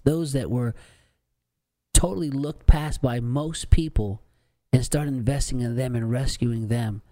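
A male co-host on a faith talk show, speaking earnestly in a preaching style that climbs in pitch. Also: mellow, no room sound.

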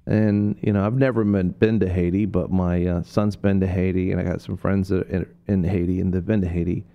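A man hosting a Christian radio talk, telling stories in a rambling way with many fillers and restarts, and acting out quoted people in a sudden high voice. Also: little pitch movement, a little fast, clean tone, muffled recording. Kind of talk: preaching talk on a radio show.

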